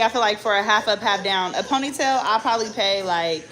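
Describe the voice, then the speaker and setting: A young woman from the Bay Area chats casually to her viewers in a loose, slangy, joking way. Her voice sits at an ordinary middle pitch, with a steady hiss of background noise under the recording. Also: a little fast. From Bay Area, California. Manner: loose, slangy and joking, with bursts of loud scolding. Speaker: vlogger. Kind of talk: casual chat.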